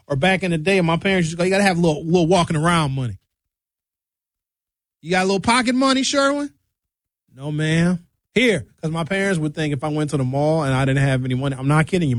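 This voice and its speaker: A man's voice: dry recording, studio quality. A man hosting a radio show, telling comic stories loosely with big swings in his voice. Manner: loose, joking storyteller with big pitch swings. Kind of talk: comedic radio monologue.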